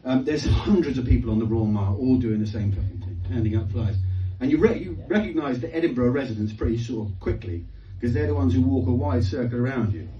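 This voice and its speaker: A man in his fifties doing a live stand-up comedy set, telling animated stories with heavy swearing and bursts of shouted impressions. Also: medium pitch, fast talker, hardly any pauses. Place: live comedy venue with audience. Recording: roomy, distant, dull live-club sound with loud crowd laughter.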